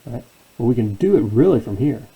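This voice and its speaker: A man's voice: medium pitch, expressive, brisk, husky, phone-quality sound. A man teaching a calculus lesson as a professor, asking questions and answering them himself. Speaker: math professor. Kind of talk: calculus lecture.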